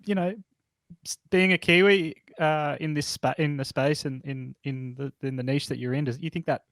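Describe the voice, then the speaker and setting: A man's voice: fairly high pitch, steady tone, normal speed, fairly bright tone, no echo. Playful co-host man. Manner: playful, teasing. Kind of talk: casual banter.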